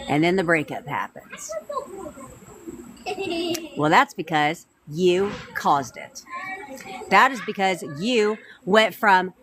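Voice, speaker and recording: A woman's voice: medium pitch, sing-song, normal speed, pauses often, sharp tone, a little hiss or hum. A woman coaching her viewers on a live stream, blunt and profane, repeating herself for emphasis. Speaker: manifestation coach. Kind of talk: TikTok live talk.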